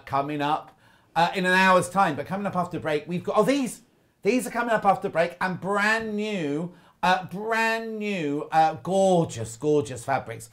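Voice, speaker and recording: A man presenting live on a shopping channel, chatty and rambling, teasing his guest. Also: on the high side. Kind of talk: live TV sales chat.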